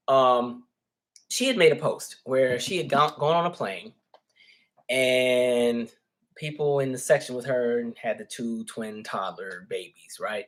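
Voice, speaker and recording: Chatty man hosting a casual commentary. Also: on the high side. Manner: chatty, asks "right?" and "you know" often; candid, easygoing storyteller. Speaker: host.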